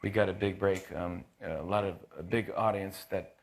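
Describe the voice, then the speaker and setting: Animated man telling a story with restarts. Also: low voice. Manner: animated storyteller, quick impressions, frequent laughs and restarts. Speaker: late-night talk show host telling a story. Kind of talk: casual anecdote.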